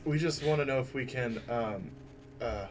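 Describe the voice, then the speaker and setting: A man playing his character in a tabletop game, speaking hesitantly with many pauses. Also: mid-range voice. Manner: hesitant, fumbling. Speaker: player. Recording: distant mic with faint music.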